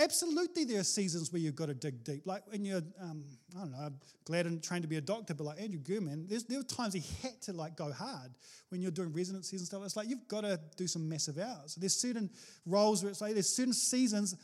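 A man preaching a sermon as pastor, animated and jokey, with sudden exclamations to the congregation. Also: high voice.

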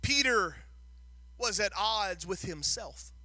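A man's voice: high voice, expressive, slow, bright, forceful tone, no echo. A man preaching a sermon, telling the story with drama and rising to a sing-song, emphatic delivery, often repeating words as he builds. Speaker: pastor.

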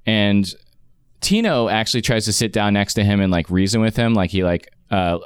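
A man's voice: lowish voice, moderate pace, clear, resonant tone, dry recording. A man in his forties telling a long anecdote in casual chat, rambling with many restarts and fillers.

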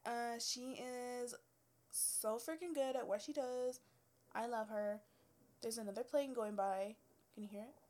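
A young woman with a slightly high voice tells stories casually. She swears freely, laughs often and mimics the people she quotes. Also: a little slow, darkish tone. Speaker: hairstylist. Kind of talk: casual storytelling chat.

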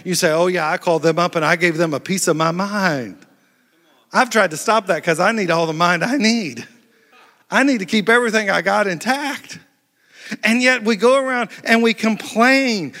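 A man preaching a lively, playful sermon to a church crowd on a handheld mic. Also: high-pitched. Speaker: pastor. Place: large church hall. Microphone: handheld microphone. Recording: echoey church hall.

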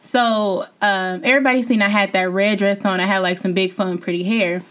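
A young woman recounts being sent home from a reality competition in a loose, chatty interview. She talks at an everyday middle pitch, then her voice leaps up whenever she feels wronged, and she laughs as she goes. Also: a little fast. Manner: animated, laughs, voice jumps high when indignant. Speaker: former reality show contestant, guest. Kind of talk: casual interview storytelling.

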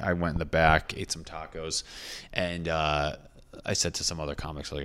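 A man's voice: deep voice, fairly even intonation, measured pace, a bit bright, clean tone. A young man, a stand-up comedian, casually telling a rambling, profane story and often correcting himself.

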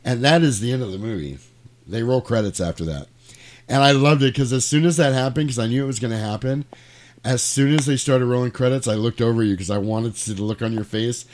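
Animated man retelling a film. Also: medium pitch, brisk. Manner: animated retelling with sound effects and acted quotes. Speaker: podcast host. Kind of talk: casual movie recap chat. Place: home studio.

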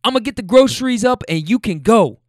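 Man doing an angry young man yelling. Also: sits high, lively intonation, fairly quick, no echo, clean studio sound, voice pushed up. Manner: loud, swearing, raised voice.

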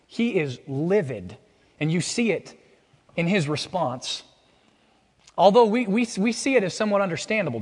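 A man's voice: sits high, big-room sound. A man preaching a sermon, reading scripture aloud and asking the congregation rhetorical questions. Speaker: pastor. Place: church.

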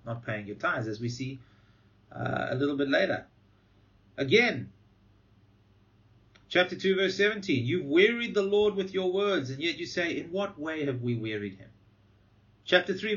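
A man preaching a sermon with a lively, swinging delivery in a fairly high voice. He leans hard on the quoted lines of scripture. The sound is dull and lo-fi. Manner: animated, rising emphasis on quoted scripture.

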